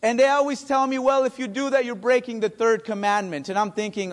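A man's voice: very high voice, fairly even intonation, brisk, few pauses. A male pastor whose first language is Spanish, preaching a sermon with dramatic drops to near-whispers for emphasis. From Spanish-speaking country.

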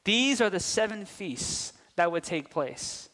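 A young man preaching a sermon, lively, asking the congregation questions and telling anecdotes. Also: sits high, takes it slowly. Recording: long reverb of a large hall.

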